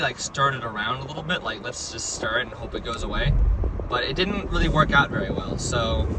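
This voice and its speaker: A man casually telling a dream, rambling and filling his talk with like and right?. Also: medium pitch. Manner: rambling, full of likes and right?s. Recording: distant mic, loud background noise.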